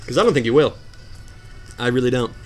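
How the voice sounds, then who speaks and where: A man commentating a hard video game, sarcastic and mock-dramatic, swinging from low mutters to sudden outbursts. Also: expressive, a little fast, faint music behind. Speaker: gameplay commentator. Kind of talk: let's play commentary.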